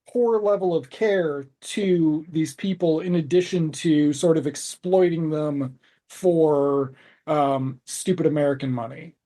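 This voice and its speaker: A man's voice: high voice, mellow. A man co-hosting a podcast, recapping scenes in a rambling, sarcastic way, with swearing and trailing asides. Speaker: podcast co-host. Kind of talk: casual podcast chat.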